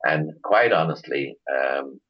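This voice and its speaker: A middle-aged Irish chauffeur tour operator, appearing as a guest in a laid-back interview, has an animated bass voice and takes things slowly. The highs are cut off, and his storytelling wanders with many restarts.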